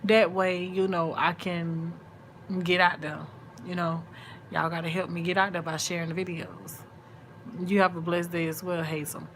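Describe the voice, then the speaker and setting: Sleepy, chatty woman with a bright voice. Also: fairly low pitch, fairly even intonation, normal speed, slight background noise. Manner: casual, chatty, yawning and sleepy. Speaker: vlog host. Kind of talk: late-night live chat with viewers.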